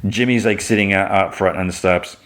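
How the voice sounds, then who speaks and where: Speaking fairly quickly in a low, steady, somewhat bright voice, a podcast host casually recounts an episode. His retelling rambles and is packed with filler words.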